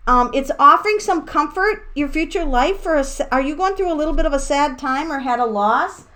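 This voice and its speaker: A woman with a fairly high voice talks through a tarot reading for her viewers. She rambles and gets excited, laughs, and slips in the odd swear word. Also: brisk. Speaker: tarot reader.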